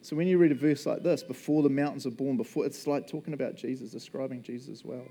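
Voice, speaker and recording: This pastor delivers a casual, conversational sermon, talking fast, cracking jokes and laughing often. His warm, mellow voice sits at an ordinary middle pitch, and he slips into playful little voices for the people in his stories.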